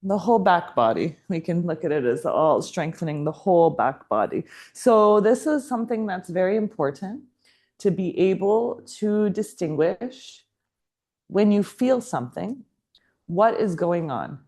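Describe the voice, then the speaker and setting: A woman's voice: fairly low pitch, animated, measured pace, darkish tone. A woman teaching a yoga teacher training class, explaining in a chatty way and laughing often.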